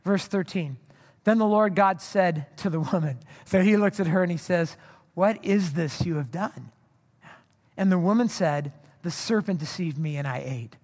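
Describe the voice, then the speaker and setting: Animated preacher in a reverberant hall. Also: male voice, high-pitched, normal speed. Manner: animated, conversational preaching with rhetorical asides. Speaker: pastor. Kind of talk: sermon.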